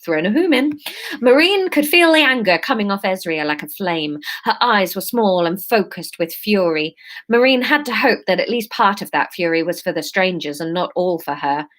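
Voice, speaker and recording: A woman's voice: mid-range voice, lively intonation, moderate pace, a bit bright. A woman in her thirties reading her story aloud on a livestream, breaking off into chatty, self-mocking asides. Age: 30s.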